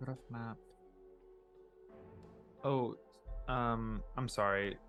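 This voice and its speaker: A man's voice: medium pitch, fairly even intonation, very slow, lo-fi sound, soft background music. A man with a mid-range voice chats at a tabletop game in a laid-back way. He hesitates often and teases the others now and then. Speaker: player. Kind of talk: casual chat at a game table.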